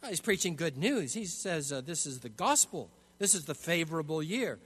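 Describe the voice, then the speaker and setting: A man's voice: on the high side, very animated, moderate pace, a bit bright, slightly rough. A man preaching an expository sermon, emphatic, often restarting his phrases. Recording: long hall reverb.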